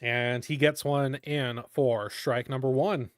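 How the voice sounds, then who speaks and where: A man giving live fan play-by-play of a baseball game, calm between pitches and shouting on big plays. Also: takes it slowly, clear, resonant tone, no echo, clean studio sound. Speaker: fan commentator.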